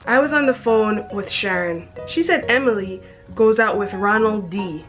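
A woman's voice: mid-range voice, moderate pace, music in the background. A young woman reading her teenage diary aloud, breaking off for chatty, self-mocking asides and frequent giggles. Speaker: vlogger.

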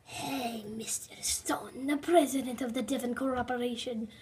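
A woman voicing a formal male company president with a put-on Scottish accent, in a measured, quiet reading. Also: a little high, steady tone, a little hiss or hum, close to an everyday voice.

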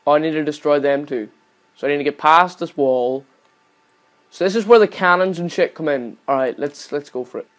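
A young man giving casual gameplay commentary as a channel host. He swears constantly and yells at the game whenever it goes wrong. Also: fairly high pitch, brisk.

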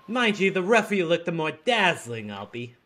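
A man's voice: fairly high pitch, big pitch swings, normal speed, sharp tone, exaggerated voice. A man doing a vain haughty bride. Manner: tart, condescending.

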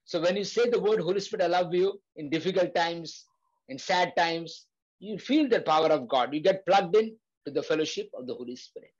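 A man's voice: high voice, a little fast, husky, lo-fi sound. A man leading a Bible study, preaching earnestly with repeated phrases and frequent fillers. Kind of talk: preaching to a prayer group.

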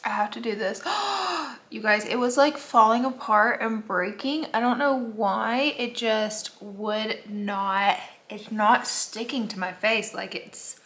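A woman's voice: fairly high pitch, slow, a bit bright. A woman in her thirties chatting candidly through her makeup routine in a casual vlog, with lots of "like", talking to the camera at home. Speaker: beauty vlogger. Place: home, getting ready at a mirror.

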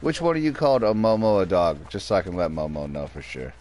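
A man's voice: deep voice, lively intonation, fast talker, noisy background. A man streaming a game, chatting casually with viewers and his pet. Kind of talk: casual livestream chat.

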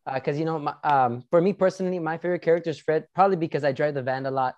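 A man's voice: fairly high pitch, racing, a little mellow, highs cut off. A young man hosting a casual interview, eager and admiring, often restarting his sentences. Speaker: interview host.

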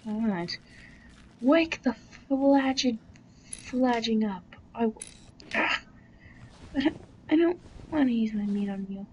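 A woman's voice: fairly high pitch, slow, long pauses, darkish tone. A young woman giving casual commentary while playing a game, blurting swears and gasps and dropping into whispered asides. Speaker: gamer playing a game on video. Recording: dull lo-fi recording with faint noise.

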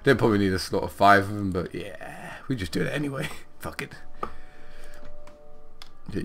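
A man playing a video game, commenting casually, swearing and laughing often, swinging between loud outbursts and quiet mutters. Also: sits low. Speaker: gaming host.

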